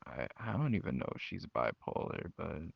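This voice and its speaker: A young channel host vents frankly to camera about his family, mimicking them in mocking voices. His low voice is very animated, creaky and breathy-edged, at a moderate pace. The dull lo-fi mic picks up no echo.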